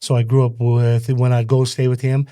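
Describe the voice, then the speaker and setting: Loose-talking man guest, mellow, dry. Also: medium pitch, moderate pace, clear, resonant tone, no echo. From Salt Lake City, Utah. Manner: animated, loose, leans on "you know what I mean". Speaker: podcast guest. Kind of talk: casual storytelling conversation.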